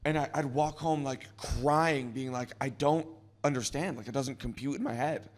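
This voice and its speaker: A man's voice: mid-range voice, normal speed. A man hosting a casual podcast, encouraging his guest with short, affirming replies. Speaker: podcast host.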